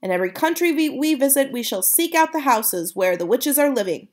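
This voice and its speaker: A woman's voice: high voice, animated, a little fast, darkish tone, pitched above the performer's own voice. A woman voicing a spirited, fierce old grandmother who speaks emphatically and exclaims often. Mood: grand, rousing.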